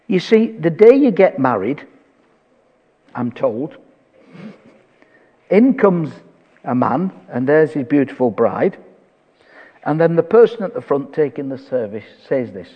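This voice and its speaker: An older man, preaching a sermon and telling stories with quoted dialogue. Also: mid-range voice. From England. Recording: dull echoey hall.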